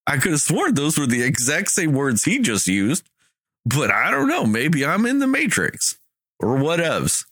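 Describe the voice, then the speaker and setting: A man talks casually and heatedly, his pitch leaping up and down as he vents. He swears freely and acts out bits of dialogue. The sound is close and dry. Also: measured pace, breathy edge, no echo. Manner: animated, exasperated ranting with swearing and quoted dialogue. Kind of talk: casual movie review chat.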